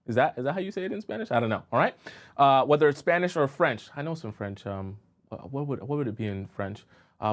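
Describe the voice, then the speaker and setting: A man's voice: mid-range voice, big pitch swings, brisk. Male dating coach host, casual explainer, mid-range voice, audience-focused. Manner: conversational, checks in with rhetorical questions. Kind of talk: live-stream advice talk.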